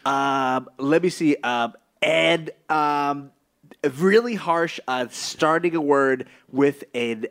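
Halting deadpan male comic guest, hesitant delivery that jumps to punch single words. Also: on the high side. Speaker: guest comedian.

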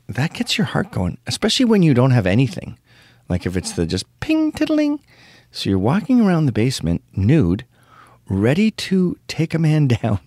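A man's voice: on the low side, mellow, no echo, clean studio sound. A middle-aged man hosting his own show, telling crude stories in a ranting casual monologue. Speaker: show host.

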